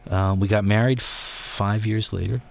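A man's voice: on the low side, fairly even intonation, a little slow, vocal fry, a little mellow, slight background noise. Chatty middle-aged male interviewer. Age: 40s. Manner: chatty, rambling anecdotes. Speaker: interviewer host. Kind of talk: conversational interview.

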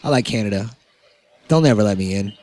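A man's voice: on the low side, expressive, fairly quick, a little mellow. A man co-hosting a casual podcast chat, joking and swearing, acting out little made-up quotes. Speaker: podcast co-host.

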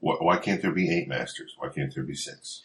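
Man, extremely deep voice, husky, wry joking co-host, casual comic book chat. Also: moderate pace, fairly bright tone. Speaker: podcast co-host.

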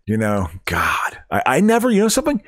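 Laughing, stammering man with lively pitch. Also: a little fast, dry recording, studio quality. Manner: laughs a lot, stammering restarts. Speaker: podcast co-host. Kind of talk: casual chat watching a film.

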